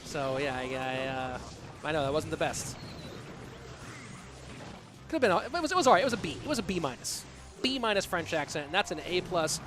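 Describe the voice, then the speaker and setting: Speaking a little high in a sing-song way, this esports streamer in his thirties talks briskly but leaves long pauses, with background noise behind him. He's casting a live online match, chatting casually with viewers and reading donations aloud.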